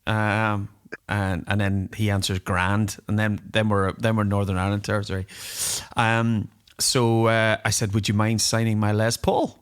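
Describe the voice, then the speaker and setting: A man co-hosts a rock podcast, speaking in a somewhat low voice. He rambles through news and anecdotes in easy casual chat, dotted with ums and uhs. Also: level tone, moderate pace, smooth. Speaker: podcast co-host.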